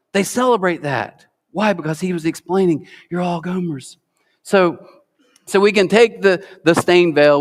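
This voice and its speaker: A middle-aged American man preaching an Easter sermon, telling stories with lively acted-out quotes. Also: a little high. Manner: animated storytelling, acts out quoted voices. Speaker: pastor. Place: large church auditorium. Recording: long hall reverb.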